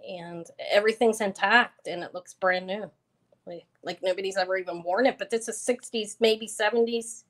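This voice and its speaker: A woman's voice: mid-range voice, fairly even intonation, normal speed, a bit bright. A woman hosting a live online jewelry auction, chatting casually and rambling with fillers and self-corrections. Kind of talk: casual live-stream selling chat.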